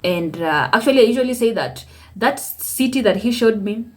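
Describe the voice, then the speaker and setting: A woman's voice: fairly high pitch, lively intonation, moderate pace. A woman with a Kenyan accent telling her faith testimony on her channel and acting out her conversations with God. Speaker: vlogger. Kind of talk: personal testimony storytelling.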